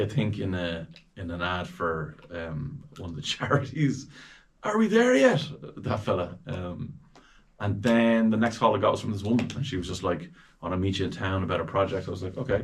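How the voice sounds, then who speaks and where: An Irish man in his forties telling stories as a guest in a casual chat, bringing quoted people to life. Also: sits low. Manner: lively anecdotes with quoted voices.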